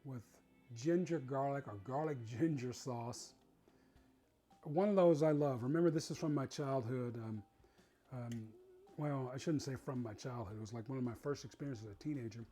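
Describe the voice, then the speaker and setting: A man's voice: medium pitch, normal speed, faint music behind. A man hosting a cooking show, chatting casually and enthusiastically as he tastes his food. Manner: warm, enthusiastic, savoring food aloud.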